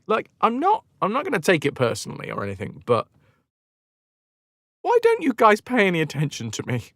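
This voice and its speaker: A man's voice: high-pitched, wildly swooping pitch, brisk, a bit bright, no room sound, clean studio sound, voice pushed up, exaggerated voice. A man voicing the god Pan as an overfamiliar, needy male figure in a comic retelling of an old story. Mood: pleading. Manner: overfamiliar, pleading.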